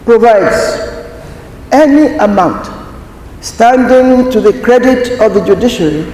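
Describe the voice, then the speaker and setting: A man giving a formal prepared speech at a conference, slow and deliberate, stressing key words. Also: high-pitched, animated, a little mellow. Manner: slow, deliberate, emphatic delivery. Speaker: conference speaker. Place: large conference hall. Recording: echoey hall, faint ambience.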